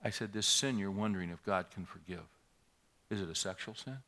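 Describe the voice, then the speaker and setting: A middle-aged man preaching a sermon as pastor, shifting between loud scripture reading and quiet storytelling. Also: low-pitched, a little fast.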